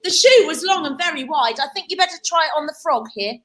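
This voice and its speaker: A woman teacher telling a story at a school assembly in a hall, playful and animated as she directs the children. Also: high voice, fast talker, slight background noise.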